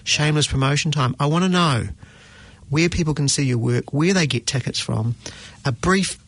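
A middle-aged man hosting a casual radio show, chatty and animated, often exclaiming. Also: on the high side, moderate pace, vocal fry, slightly rough. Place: radio studio.

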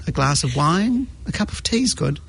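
A man's voice: fairly high pitch, sing-song, moderate pace, creaky, fairly bright tone, breathy edge. A man with a New Zealand accent hosting a radio arts show in a studio, chatty and self-mocking. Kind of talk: casual radio chat.

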